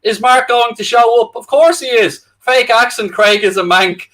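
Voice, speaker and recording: A man's voice: very high-pitched, normal speed, a bit bright. A young man with an Irish accent, co-hosting a football watchalong stream, chatting casually and jokily with viewers and reading out their comments. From Ireland. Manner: chatty, jokey, addresses viewers directly. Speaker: co-host of a football watchalong livestream.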